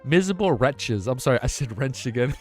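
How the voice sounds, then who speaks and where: A man's voice: mid-range voice, expressive, fairly quick. A man streaming live, reading a novel aloud, stumbling over words and laughing at his own misreads, in slangy casual talk. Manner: casual, slangy, says man and dude a lot.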